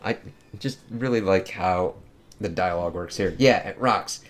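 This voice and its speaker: A man's voice: low voice, unhurried. A man giving a casual, profane comic book review, talking loosely with lots of fillers.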